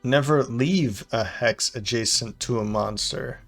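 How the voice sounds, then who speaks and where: A man's voice: mid-range voice, fairly bright tone, soft background music. Man musing aloud over a strategy game. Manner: hesitant, fills pauses with "uh". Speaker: game commentator. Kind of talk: thinking-aloud gameplay commentary.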